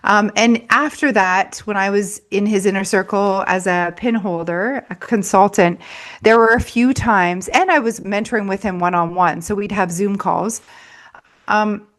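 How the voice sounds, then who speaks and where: A woman's voice: mid-range voice, a little slow. A woman who works as a money mindset coach, a guest in an interview, telling a story in a chatty way with frequent laughs and fillers.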